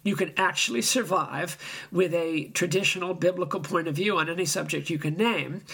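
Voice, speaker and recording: Older man, sermon, bright husky tone, emphatic, chuckling. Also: high-pitched, normal speed. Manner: animated storyteller, chuckling, emphatic. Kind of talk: anecdotal sermon.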